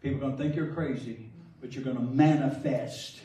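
A man's voice: medium pitch, steady tone, a little fast, dark tone, a little hiss or hum. A man preaching a sermon, telling stories with jokes and frequent laughter. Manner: jokey storytelling, laughs often. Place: large church sanctuary. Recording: echoey hall from far off.

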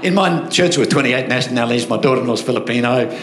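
Older Australian pastor preaching with echo. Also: male voice, mid-range voice, fast. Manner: storytelling, animated, asks crowd for amens. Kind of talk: sermon. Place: church hall. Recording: echoey hall with music behind.

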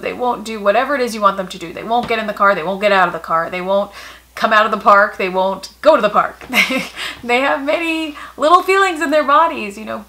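A woman in her thirties, a mother talking casually to camera and giving parenting advice in a calm, matter-of-fact way, going gentle when she quotes what she says to her children. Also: medium pitch, low-quality recording. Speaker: parenting vlogger.

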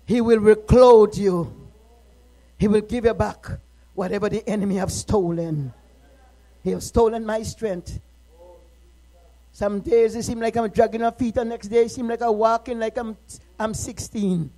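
A middle-aged woman minister preaching a sermon, moving from quiet, personal talk to impassioned shouting. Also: medium pitch, rough recording.

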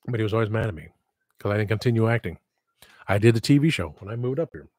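Husky guy rambling on his livestream, dry close sound, keeps going off on tangents. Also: lowish voice, animated, fast, a little mellow, dry recording. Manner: rambling, digressive, self-deprecating. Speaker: livestream host. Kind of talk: casual livestream chat.

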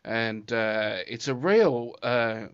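A British man interviewing a musician, asking halting, hesitant questions. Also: mid-range voice, animated, smooth, no echo, highs cut off. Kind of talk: casual interview.

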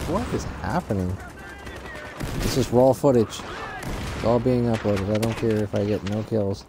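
A man's voice: lowish voice, noisy background. A man giving live commentary on a shooter game he is playing, frustrated and swearing in exasperated outbursts. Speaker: gaming channel host. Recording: game gunfire behind voice. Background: gunfire and explosions from the game.

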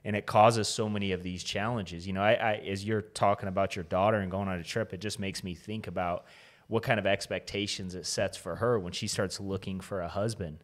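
A man with a fairly low voice co-hosts a podcast. He speaks earnestly and affirmingly, building on what his guest says. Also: fairly even intonation, a little fast. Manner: earnest, affirming, asks follow-up questions. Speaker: podcast co-host. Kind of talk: casual conversation.

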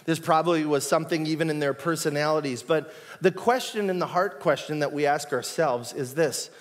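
Guy pastor preaching, chatty and jokey, highish voice, long church echo. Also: expressive, brisk, hardly any pauses. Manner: casual, joking, conversational with many fillers. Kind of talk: sermon. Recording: long reverb in a church hall.

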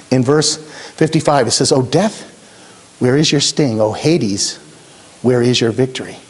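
A male pastor delivering a sermon in a church, dropping low and slow on key words and rising to urgent questions.

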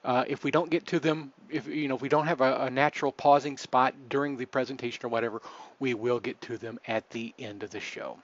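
A man hosting a live webcast, talking in a relaxed, chatty way with many fillers and restarts. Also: mid-range voice, fairly quick, lo-fi sound. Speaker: host.

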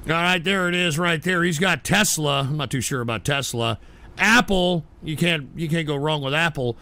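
High, gravelly man yelling at his chat. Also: moderate pace. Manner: short-tempered, yells and swears at chat. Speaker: livestream host. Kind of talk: ranting livestream talk.

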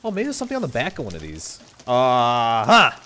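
Jumpy young man yelling through a horror game. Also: mid-range voice, huge pitch swings, fairly quick, noisy background. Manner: jumpy, joking, yelps and shouts. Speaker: streamer. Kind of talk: horror game playthrough commentary.

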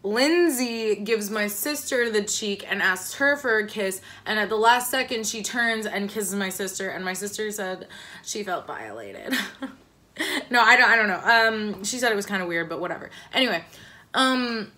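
Bright-voiced woman rambling a storytime. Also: mid-range voice, lively intonation, normal speed. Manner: rambling, filler-heavy, self-deprecating. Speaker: vlogger. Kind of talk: casual storytime.

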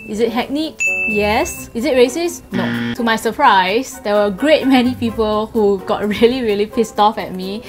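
A young woman delivers her opinions straight to camera, blunt and dryly sarcastic. Her voice sits a little on the high side, with faint music playing softly underneath. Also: moderate pace. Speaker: vlogger. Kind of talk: opinion vlog monologue.

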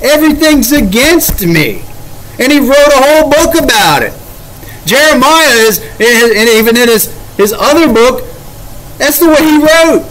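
A man with a fairly high voice leads a Bible study in a relaxed, conversational way. He retells scripture in plain everyday words and leans on points with emphasis. A faint hum of background noise runs under his voice. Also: normal speed. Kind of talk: casual Bible study teaching.

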